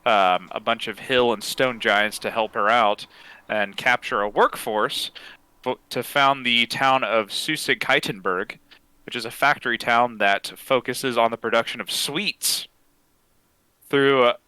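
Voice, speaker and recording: A man's voice: mid-range voice, unhurried, bright, forceful tone, clear, resonant tone, no echo, rough recording. A man casually introducing his tabletop character, laid-back and laughing often. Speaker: player.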